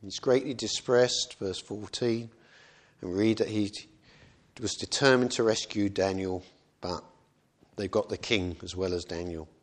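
A man's voice: on the low side, fairly even intonation, unhurried. A man preaching a sermon in a conversational way, often asking rhetorical questions.

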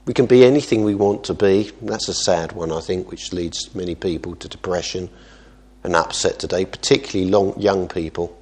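A man preaching as a pastor, earnest, moving between quiet asides and emphatic exhortation. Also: deep voice, normal speed, breathy edge. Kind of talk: sermon.

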